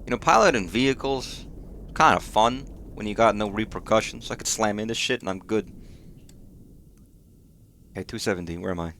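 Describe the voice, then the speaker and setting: A man's voice: on the low side, normal speed, long pauses, a bit bright, slight background noise. A man streaming a game, giving casual commentary and swearing freely as he mutters startled remarks to himself.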